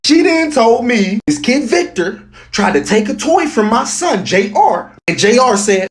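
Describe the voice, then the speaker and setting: A man's voice: very high-pitched, very animated, a little slow. A man telling a casual, chatty story to camera as a parent.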